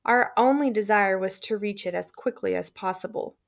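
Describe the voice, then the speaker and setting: A woman reading a memoir aloud in a measured, somber way. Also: mid-range voice, vocal fry. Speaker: audiobook reader.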